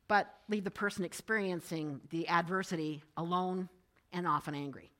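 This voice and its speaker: A middle-aged woman giving a talk to a group, moving from calm advice into lively personal storytelling. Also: on the low side, moderate pace. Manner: lively storytelling, rising with excitement in anecdotes.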